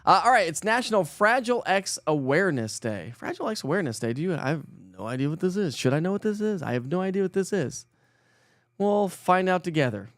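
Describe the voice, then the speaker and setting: A man hosting a relaxed morning weather stream, chatting with viewers and poking fun at his own stumbles over words. His voice sits fairly high, and the sound is dry and close with no room echo. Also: quick pace. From Colorado. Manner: chatty, self-mocking, laughs often, stumbles over words. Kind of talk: casual live-stream chat reading viewer comments.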